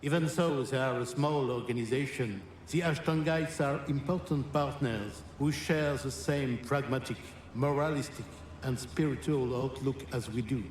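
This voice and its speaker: A suave council philosopher with a thick French accent, as a man voices him, his speech smooth and grandiose. He sounds set back from the mic in a roomy, echoey space, with a faint hiss underneath. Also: on the high side, darkish tone, natural voice. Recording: distant echoey game audio.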